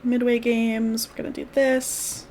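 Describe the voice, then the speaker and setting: A woman's voice: fairly high pitch, level tone, measured pace, a little mellow, slight background noise. Bubbly woman streaming a game. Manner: bubbly, giggly, says y'all. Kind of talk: live gameplay commentary.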